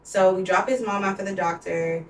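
A woman in her twenties with a mid-range voice talks at a moderate pace in a steady tone, over slight background noise. She's a podcast co-host sharing a personal story candidly and emotionally, saying "like" a lot. The recording sounds roomy, with her distant from the mic.

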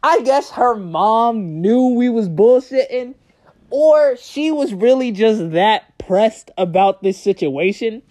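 A man's voice: sits high, lively intonation, slow pace, darkish tone. A young man telling a personal story in a casual, slangy storytime vlog, laughing as he goes.

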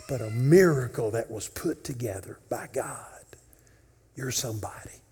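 A husky-voiced pastor delivers a sermon in a church sanctuary. He swings between ringing, emphatic declarations and hushed whispers, and his voice trails off into the long reverb of a large hall. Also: mid-range voice.

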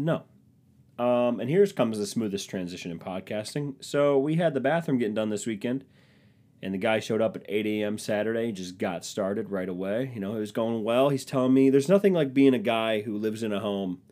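A man in his thirties holds forth alone on his comedy podcast, his voice sitting somewhat low. He rambles and runs himself down, swearing freely, all through a stuffed, runny nose. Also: warm tone. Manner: rambling, self-deprecating, profane. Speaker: podcast host. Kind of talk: comedic solo podcast monologue.

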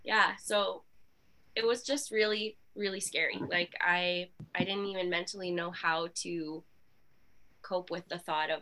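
A woman guest on a podcast telling her personal story in a candid, animated way, with many fillers. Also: lowish voice, measured pace. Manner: animated, with frequent fillers and laughs.

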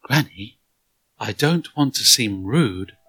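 Storybook little girl, uneasy and wondering, bright tone, played by a man. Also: on the low side, animated, slow pace, exaggerated voice. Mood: nervous. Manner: hesitant, wondering. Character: young girl, curious and nervous.

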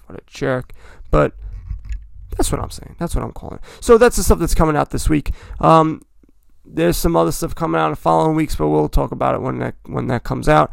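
A man hosts his podcast in a loose, rambling way, often stopping to correct himself. His voice is gravelly and sits a little high for a man. The sound is dry and close, with almost no room around it. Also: no echo. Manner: rambling, chatty, self-correcting. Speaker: podcast host. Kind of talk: casual hobby talk.

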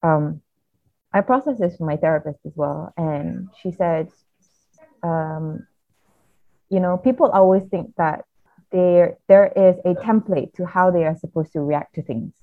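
A woman with a somewhat low voice speaks earnestly and reflectively as a podcast guest, often restarting her sentences. The sound is thin and tinny, like a phone line. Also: unhurried, dry recording. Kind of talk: candid personal storytelling.

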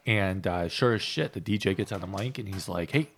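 A young man co-hosting a podcast, telling stories in an animated, profane way. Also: sits low, fairly quick. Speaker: podcast co-host. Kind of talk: casual storytelling chat.

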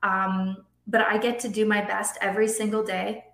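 A middle-aged woman talking as a podcast guest in a casual interview, animated and acting out quotes with a raised voice. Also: mid-range voice, normal speed, vocal fry. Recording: echoey room.

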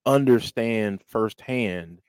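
A man's voice: lowish voice, slow, darkish tone, clear, resonant tone, no room sound. A man in casual conversation about a film, speaking thoughtfully and hesitantly, often restarting his sentences.

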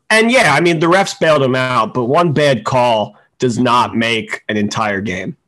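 A man's voice: mid-range voice, animated, moderate pace, hardly any pauses, a bit bright. A man who is a guest on a casual sports podcast, joking and defending himself with a laugh.

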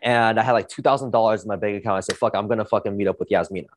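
A man hosting a podcast, telling a story in a casual, energetic way, swearing often and saying "like" a lot. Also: fairly low pitch, racing, slight background noise. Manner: energetic, profane, heavy use of "like". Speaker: podcast host.

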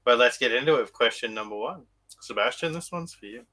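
Australian male podcast host, upbeat, bright tone; good for a game-show quizmaster. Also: mid-range voice, animated, quick pace. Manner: upbeat, leads the talk and explains rules. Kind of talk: casual podcast chat, quiz hosting.

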